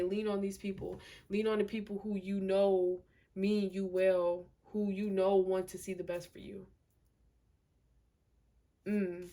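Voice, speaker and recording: A woman's voice: medium pitch, a little mellow, slight background noise. A woman giving a casual tarot reading to camera, emphatic and slangy, repeating herself and filling with "you know" and "like". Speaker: tarot reader.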